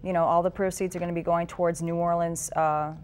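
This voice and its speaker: A woman's voice: lowish voice, flat delivery, fast, a little mellow, clear, resonant tone. A woman appearing as a guest on a live morning show, eagerly promoting a benefit event. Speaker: guest organizer. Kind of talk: live TV interview.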